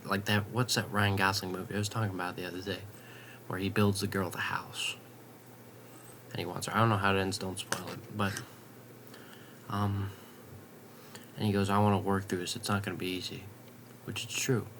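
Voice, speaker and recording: A young man vlogging in a late-night ramble at home, swearing casually and drifting into soft half-whispers. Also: deep voice, little pitch movement, moderate pace, long pauses, noisy background.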